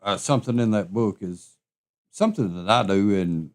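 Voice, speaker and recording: A man hosts a local radio program, talking with a guest in the studio. His voice sits a little low and stays easygoing and folksy. He speaks in an unhurried, neighborly way. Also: lively intonation. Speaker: radio show host. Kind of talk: casual radio chat.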